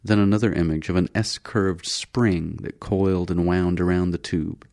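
A man reads an audiobook in a very low voice with a gravelly edge. His storytelling is measured and steady. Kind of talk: audiobook narration.

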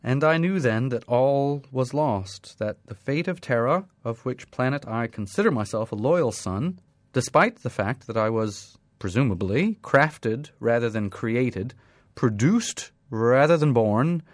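A man's voice: medium pitch, expressive, unhurried, dry recording, lightly acted. Grand, formal robot narrator, loyal and grave, male reader doing the voice. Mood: solemn grave. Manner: stately, formal, declamatory.

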